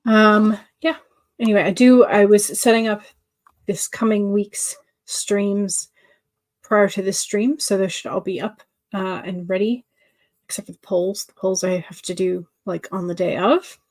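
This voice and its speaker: A woman's voice: mid-range voice, steady tone, measured pace. A woman hosting a writing-sprint livestream, chatting casually and answering viewer comments with many fillers and restarts.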